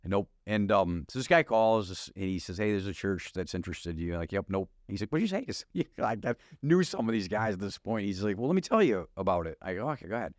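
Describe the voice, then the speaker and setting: Fast and with few pauses, this lowish male voice comes through clean and echo-free in the studio. He is a middle-aged guest pastor from Wisconsin giving a storytelling testimony, animated throughout, often laughing and playing out the conversations.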